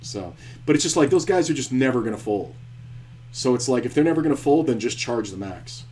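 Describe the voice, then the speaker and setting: A man's voice: mid-range voice, expressive, fairly quick, a little mellow, slight background noise. A man streaming online poker, talking through his hands in a blunt, profane way as he thinks aloud. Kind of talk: live-stream poker commentary.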